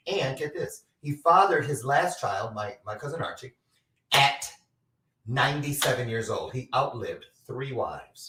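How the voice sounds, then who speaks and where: A man's voice: medium pitch, animated, measured pace, bright, forceful tone, distant mic, slight background noise. A man hosting a talk show in casual chat, chatty and a little scattered as he hunts for a clip. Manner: chatty, scattered, fumbles with his screen. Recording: echoey room, away from the mic.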